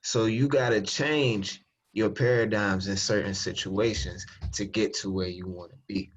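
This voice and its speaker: Low-voiced man explaining on a call. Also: steady tone, unhurried, slightly rough. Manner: explanatory, conversational. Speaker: speaker on a group call. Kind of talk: motivational talk. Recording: muffled lo-fi call audio.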